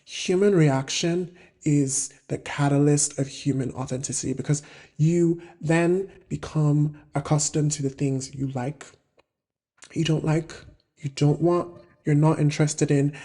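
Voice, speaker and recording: Mellow-voiced woman in her twenties, rambling. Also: deep voice, fairly even intonation, normal speed. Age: 20s. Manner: rambling, searches for words mid-thought. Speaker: self-help video host. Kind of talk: casual reflective monologue.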